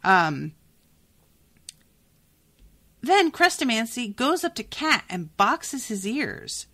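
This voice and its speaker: A woman hosting a podcast, chatting casually and reacting to a book in an animated, exasperated way, swearing freely. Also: a little high, slow, slightly rough. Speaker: podcast host.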